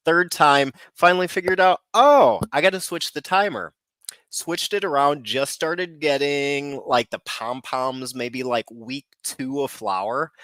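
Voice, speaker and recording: Casting: rambling male guest with a lively, swooping voice, dry close mic. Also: medium pitch, no room sound. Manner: rambling, filler-heavy, animated storytelling. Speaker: guest, cannabis YouTuber. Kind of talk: casual storytelling chat.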